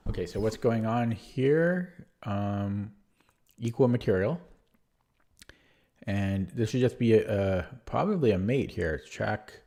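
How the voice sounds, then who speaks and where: A man streaming chess puzzles, thinking aloud with a husky, strained voice, often correcting himself. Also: lowish voice, expressive, mellow. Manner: muttering, self-correcting, quick laughs.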